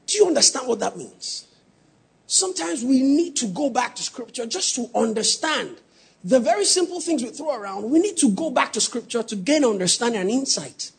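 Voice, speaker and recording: A man preaching a sermon, teasing the congregation and building to shouted emphasis. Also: very high-pitched, sing-song, normal speed, creaky, breathy edge. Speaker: pastor.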